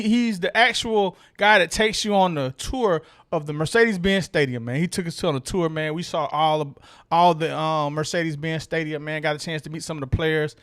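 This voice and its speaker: A tipsy man co-hosting a sports talk show, giggly and loud. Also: sits high, clear, resonant tone. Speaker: podcast co-host.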